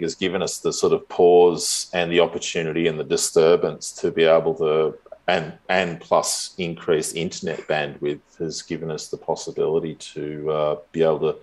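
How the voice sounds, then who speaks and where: A man's voice: very deep voice, fairly even intonation, normal speed, a little mellow. A man in his fifties telling a long story in a casual, rambling way, chuckling often as a guest in an interview. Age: 50s.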